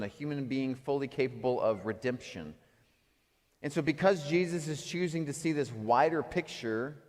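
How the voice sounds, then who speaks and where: A man preaching a sermon as pastor, animated, moving between loud acted outbursts and quiet reflective passages. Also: medium pitch, big-room sound. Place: church sanctuary.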